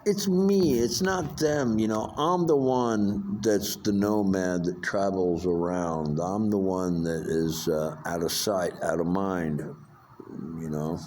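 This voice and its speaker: A man's voice: sits low, slow, darkish tone, a little hiss or hum. An older man talks in a rambling, profane vlog monologue, full of fillers and restarts. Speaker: vlogger.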